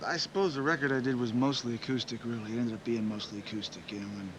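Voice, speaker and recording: A man's voice: mid-range voice, fairly even intonation, fast talker, background noise. A man in his forties, a musician, giving rambling, reflective interview answers full of "you know" fillers.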